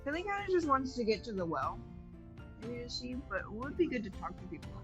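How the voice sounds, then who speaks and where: A woman's voice: on the high side, sing-song, fairly quick, muffled recording, soft background music. A woman playing a tabletop game, chatting playfully about her character. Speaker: player.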